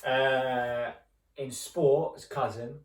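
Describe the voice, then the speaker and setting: A young man, co-hosting a podcast in relaxed, laughing banter. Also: mid-range voice, extremely slow. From Essex, England. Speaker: podcast co-host. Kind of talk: casual chat. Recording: roomy sound from a distant mic.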